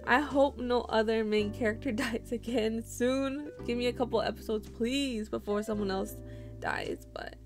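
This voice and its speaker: A woman's voice: fairly high pitch, normal speed, soft background music. A woman giving casual reaction commentary to a TV episode, emotional and exclaiming, near tears. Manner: emotional, exclaiming, laughing often. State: holding back tears. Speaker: reaction vlogger.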